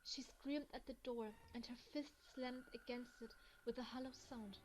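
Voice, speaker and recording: A woman's voice: fairly high pitch, steady tone, normal speed, slight background noise, rough recording. A young German woman with a German accent, reading a visual novel aloud and reacting emotionally in between. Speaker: gaming let's player.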